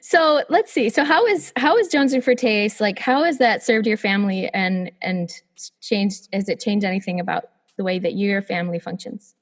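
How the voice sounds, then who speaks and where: A woman's voice: medium pitch, moderate pace. A woman in her thirties hosting a podcast interview, enthusiastic and affirming, often laughing along. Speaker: podcast host. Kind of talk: casual interview chat.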